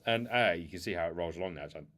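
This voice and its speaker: A man's voice: low-pitched, racing, a bit bright. A man casually rambling through an unboxing of old toy cars at home, self-mocking and playful. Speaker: toy car collector unboxing. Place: indoors at home.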